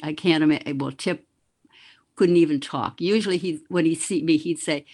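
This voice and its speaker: A woman's voice: low-pitched, a little fast, warm tone, breathy edge. An older woman from the Boston area, a former news anchor telling a story as a guest. She tells it vividly and mimics sounds. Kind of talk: reminiscing interview storytelling.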